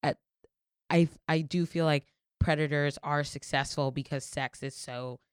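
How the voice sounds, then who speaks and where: Young woman, candid, swears freely, smooth clear voice, dry close sound. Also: low voice, fairly even intonation, unhurried, no room sound. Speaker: podcast co-host. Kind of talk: casual chat.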